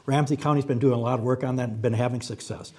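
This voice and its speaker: A man answering as a candidate at a forum, earnest and steady. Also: medium pitch, fast.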